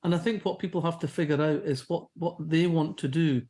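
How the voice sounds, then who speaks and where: A woman with a softened Fife Scottish accent, talking as a guest in a relaxed interview. She tells anecdotes in a chatty, storytelling way, pausing and restarting as she thinks. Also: deep voice. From Scotland. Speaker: novelist guest. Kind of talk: casual interview chat.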